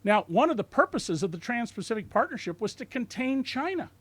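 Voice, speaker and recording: A man in his sixties lectures an audience in a bookstore, his voice sitting high for a man. He tells his stories with a sardonic bite and mimics the people he quotes to mock them. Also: fairly quick, no echo. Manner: lively, sardonic storytelling with mocking quoted voices. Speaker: author giving a bookstore talk. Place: bookstore event room.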